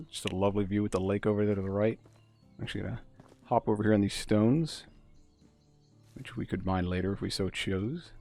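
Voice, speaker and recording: Man, game streamer, casual musing commentary, low voice, faint music behind. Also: vocal fry, a little mellow. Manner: chatty, musing.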